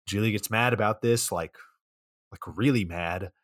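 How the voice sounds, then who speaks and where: A young man co-hosting a podcast, recapping a movie in a deadpan, sardonic way. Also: fairly low pitch, slow, no echo, studio quality. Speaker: podcast co-host. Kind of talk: casual movie recap chat.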